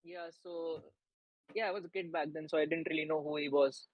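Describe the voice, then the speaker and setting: A man's voice: a little high, fairly even intonation, a little fast, muffled recording. A young man from India co-hosting a live football watchalong, chatting casually and reading out viewer messages. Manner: chatty, reads out chat messages. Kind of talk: casual live-stream chat.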